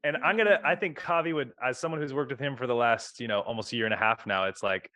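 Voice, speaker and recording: A man hosts a podcast, casual and animated, swearing freely as he tells lively stories. His voice sits at a middle pitch. The sound is dry and close, with no room echo. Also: quick pace. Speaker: podcast host.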